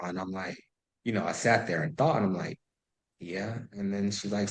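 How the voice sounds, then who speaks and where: On a rough recording, a podcast guest in his thirties speaks on the low side at a moderate, animated pace. He tells stories loosely, swearing plenty and saying "like" constantly.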